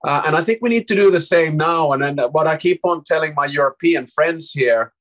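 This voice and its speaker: A man in his fifties from Finland, a native Finnish speaker with a Finnish accent, explaining his views calmly in an interview and often restarting his sentences. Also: on the high side, low-quality recording. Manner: measured, explanatory, with frequent restarts. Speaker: guest, former prime minister. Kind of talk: interview answers.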